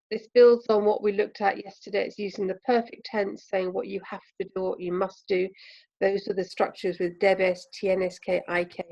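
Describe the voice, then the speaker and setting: An English woman, a language teacher, giving a recorded remote lesson with patient, clear explanations and frequent pauses. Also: mid-range voice, darkish tone, rough recording.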